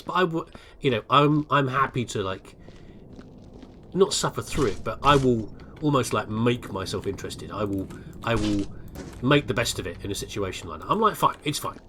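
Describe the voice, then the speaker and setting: A man's voice: lowish voice, a bit bright, slight background noise. An older English man talking over gameplay in a rambling, casual and self-deprecating way, often stopping to restart a sentence. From England. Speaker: gaming video host.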